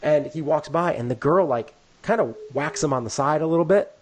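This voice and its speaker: A man's voice: fairly high pitch, a little fast. Chatty man co-hosting a sports podcast. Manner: rambling, full of "like" and "you know"; acts out quoted people in lively voices. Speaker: podcast co-host. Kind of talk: casual storytelling chat.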